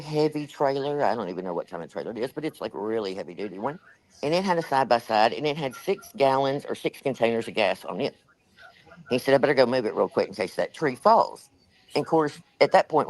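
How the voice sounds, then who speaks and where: A woman's voice: very deep voice, low-quality recording. An older woman hosts a livestream, telling a rambling, chatty story with lots of fillers, a little out of breath. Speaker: livestream host. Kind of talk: casual storytelling to a live chat.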